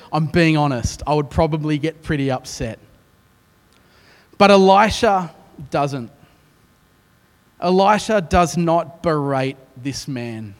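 Australian male pastor, sermon, lively storyteller with self-deprecating humour; somewhat higher voice, long reverberant hall. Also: slow pace, pauses often. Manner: animated storytelling with self-mocking asides.

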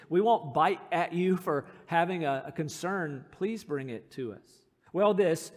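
A man's voice: high voice, in a large hall. A middle-aged man preaching a sermon as pastor, telling stories in an earnest, self-deprecating way. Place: church sanctuary.

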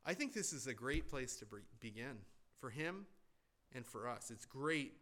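A pastor preaching a sermon in a church, emphatic and deliberate, with rhetorical questions. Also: male voice, medium pitch, expressive, pushed and bright.

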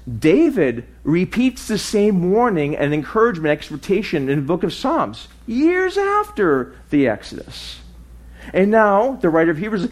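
A man preaching a sermon, with lively swings in pitch and loudness, dropping low and soft for emphasis. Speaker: pastor.

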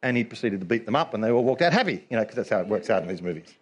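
A man preaching a sermon in an animated way. He laughs often and acts out little scenes as he talks. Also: on the low side, rapid-fire, slightly rough.

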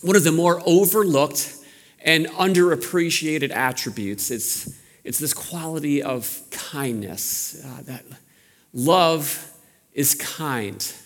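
A man with a New York accent, preaching a sermon in a relaxed, storytelling way with frequent restarts. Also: a little high, slow, big-room sound. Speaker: pastor.

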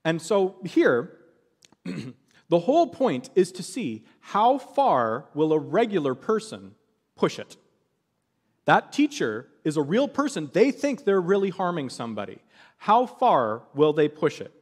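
A man's voice: a little high, sing-song, unhurried, slightly rough, big-room sound. A man preaching a sermon, telling a story with animation and acting out the voices of the people in it.

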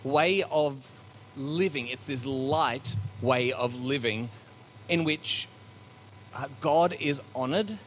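A man delivering a church sermon in an easygoing, conversational way, stopping to think with ums and doubled words. His voice sits at an ordinary middle pitch. Faint background noise is audible under his speech. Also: slow. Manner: conversational, with many fillers and restarts; reflective and searching. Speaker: preacher.

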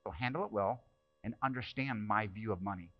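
A man preaching a sermon in church, talking conversationally, throwing rhetorical questions at the congregation, and swinging between loud bursts and hushed asides. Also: fairly low pitch, fairly quick, lo-fi sound. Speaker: pastor.

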